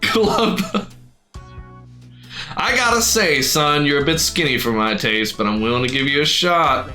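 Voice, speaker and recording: A man's voice: on the high side, animated, drawn-out words, fairly bright tone, faint music behind, full character voice. A man voicing a boisterous, folksy old male fighting-club boss in a game, with a drawling country twang.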